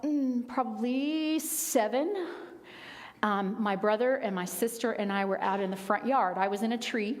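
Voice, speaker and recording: A woman minister giving a sermon, telling stories in a conversational way with quiet, emphatic asides. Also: fairly high pitch, long reverb tail. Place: church sanctuary.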